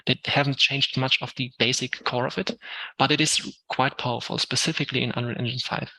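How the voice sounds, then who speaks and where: Man, German accent, software instructor, live tech talk, explains step by step, gravelly voice, dry close sound. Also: medium pitch, steady tone, fairly quick, no room sound, rough recording. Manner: explains step by step, many ums, answers questions. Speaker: Unreal Engine instructor.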